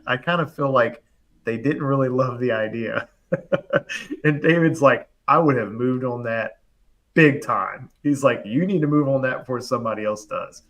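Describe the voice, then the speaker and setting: A man in casual conversation, telling a story with lots of energy. He throws in fillers and quick acted-out quotes, and his voice sits at a middle pitch. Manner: animated, fast storytelling full of "like" and acted-out quotes. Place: live online show, remote.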